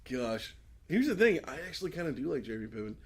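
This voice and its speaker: Here a podcast co-host speaks at a moderate pace, his slightly high voice carrying a breathy edge and swinging widely in pitch. He rambles through casual conversation, swears, laughs a lot, and acts out scenes in put-on voices.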